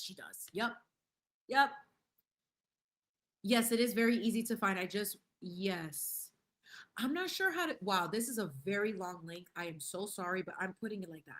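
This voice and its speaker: A woman's voice: medium pitch, fairly bright tone. Playful, effusive woman streamer. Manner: playful and effusive, laughing often; sprinkles in Spanish phrases. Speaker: livestream host. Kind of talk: casual livestream chat reading viewer comments.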